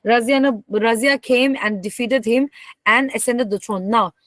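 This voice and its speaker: A woman history teacher speaks in a slightly high voice. She lectures emphatically, slipping between languages and throwing rhetorical questions at her students. The recording is dry, with little room sound. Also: normal speed, no room sound. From Northeast India. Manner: emphatic, code-switching, asks the class rhetorical questions.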